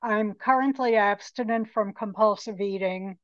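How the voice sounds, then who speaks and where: A woman in her late seventies giving a personal recovery testimony, reflective and pausing often. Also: mid-range voice, no echo, highs cut off. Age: 70s. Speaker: recovery meeting speaker.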